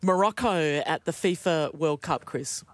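A woman hosting a live breakfast radio program in a brisk, conversational way. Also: deep voice, dry recording.

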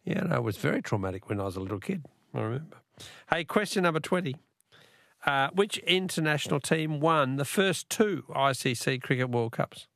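An Australian man running a talkback radio quiz from the studio, with a gravelly edge to his voice. The sound is close and dry, with no room in it. He chats easily and keeps repeating the question to coax callers in. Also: fairly high pitch, lively intonation, brisk, a bit bright, no room sound.

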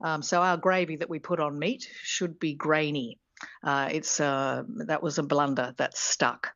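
Low-voiced woman professor, dull line. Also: fairly even intonation, a little slow, fairly bright tone, no echo. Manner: thoughtful, hesitant with fillers and laughs. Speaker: linguistics professor guest. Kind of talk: radio interview explanation.

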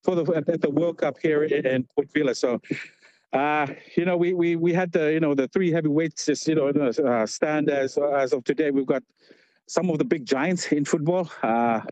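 A man's voice: fairly high pitch, moderate pace, no room sound, rough recording. Laughing man telling stories on a call. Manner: laughing, energetic storytelling with many restarts. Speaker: correspondent on a morning show. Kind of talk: casual chat on a phone line. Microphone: call-in line.

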